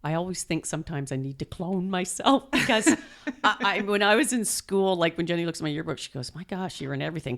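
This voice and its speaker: A middle-aged woman telling animated stories as an interview guest, laughing often and acting out quotes. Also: fairly low pitch. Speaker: guest, mother and performer. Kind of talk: storytelling interview.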